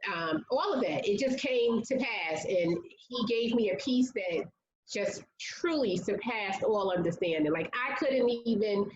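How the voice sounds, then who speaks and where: A woman's voice: mid-range voice, lively intonation, unhurried, reverberant, highs cut off, a little hiss or hum. A woman speaking as an interview guest, telling a personal story in a candid, conversational way with lots of "like" fillers. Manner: earnest, conversational, many "like" fillers.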